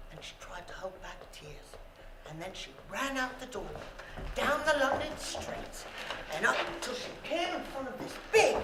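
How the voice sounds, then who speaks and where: A woman storyteller telling a story to a live audience in an animated way, asking her listeners questions and bantering with them. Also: sits high. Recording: roomy with faint background noise.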